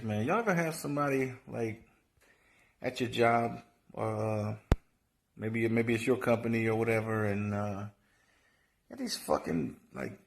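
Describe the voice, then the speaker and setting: A man's voice: medium pitch, gravelly. A man co-hosting a comedy show, telling profane, heated stories in a crude rant.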